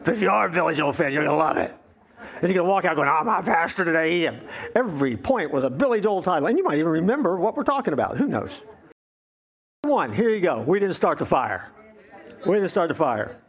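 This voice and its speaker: A male pastor preaching a playful, animated sermon, acting out the voices of complaining people. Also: fairly high pitch, fast talker.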